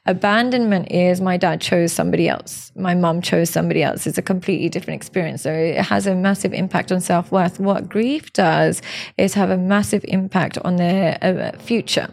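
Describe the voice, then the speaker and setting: A woman's voice: fairly low pitch, normal speed, vocal fry, a little mellow. A woman, a relationship coach speaking as a podcast guest, telling stories in an earnest, emotional way. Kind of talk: candid podcast interview.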